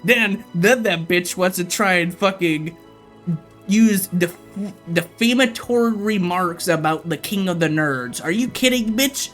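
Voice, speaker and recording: A man's voice: sits high, unhurried, a bit bright, faint music behind. A man livestreaming, ranting casually and profanely to his chat.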